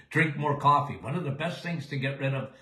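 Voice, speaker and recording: Emphatic older man, bright and roomy. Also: mid-range voice, a little slow. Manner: folksy, emphatic, keeps asking "okay?". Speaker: doctor answering listener questions. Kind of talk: live Q&A show.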